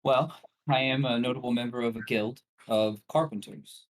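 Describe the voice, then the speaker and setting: A man's voice: medium pitch, steady tone, normal speed. A man playing a tabletop game, speaking in a composed, matter-of-fact way. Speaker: player. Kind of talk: tabletop role-play.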